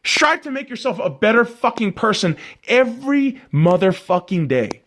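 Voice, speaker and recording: A man hosting his own podcast, ranting loudly with heavy swearing and exasperation. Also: extremely high pitch, big pitch swings, normal speed. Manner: loud, profane, exasperated ranting. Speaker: podcast host.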